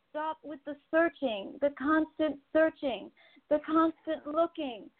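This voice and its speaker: A woman giving voice to a pet cat that speaks to its owner in a gentle, repetitive, pleading way, as a channeled message over a phone-like line. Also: sits high, voice pushed up.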